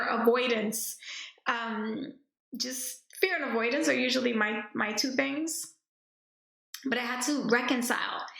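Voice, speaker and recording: A woman's voice: high voice, sharp tone. A woman podcast host telling a personal story in a candid, reflective way, often addressing herself by name. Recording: roomy echo.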